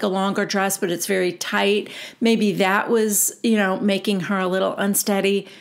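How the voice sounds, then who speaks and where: A woman hosting her own recap show, chatting casually and retelling reality TV gossip by quoting the cast in her own voice. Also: medium pitch.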